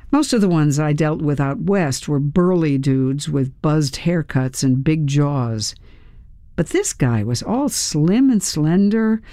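A woman's voice: deep voice, dark tone, dry recording, clean studio sound. A woman narrating a first-person audiobook with a wry, dryly humorous manner.

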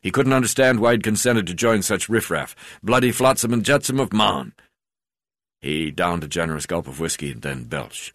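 A man reading his own memoir aloud in a steady pace, with frequent hesitation fillers. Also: deep voice, moderate pace, dry recording, clean studio sound. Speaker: memoir narrator.

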